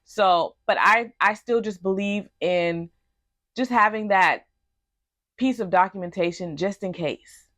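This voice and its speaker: A woman's voice: mid-range voice, measured pace, a bit bright, no echo, studio quality. A young woman telling a personal story in a storytime vlog, earnest and emphatic. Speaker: vlogger.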